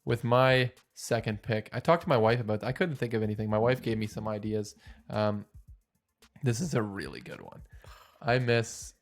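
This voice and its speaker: A man's voice: fairly low pitch, animated, moderate pace, gravelly, soft background music. Rambling man, chatty co-host. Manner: rambling, chuckling, self-deprecating. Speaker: podcast co-host. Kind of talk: casual chat.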